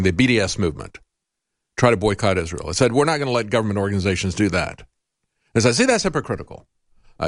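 A man of middle pitch hosts a talk show, delivering opinionated commentary in an argumentative tone. He leans on rhetorical questions and frequent uhs, and his voice leaps upward when he drives a point home. The recording is dry, with no room sound. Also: no echo. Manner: pitch jumps up sharply on emphatic points.

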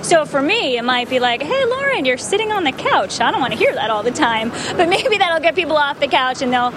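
A woman's voice: high voice, very animated, brisk, noisy background. A woman TV news reporter chatting lightly in a news segment played as a clip. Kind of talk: TV news chat.

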